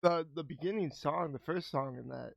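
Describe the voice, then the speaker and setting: A man's voice: a little high, moderate pace, creaky, no room sound, lo-fi sound. A man co-hosting a podcast in casual chat, speaking hesitantly and restarting his sentences. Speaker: podcast co-host.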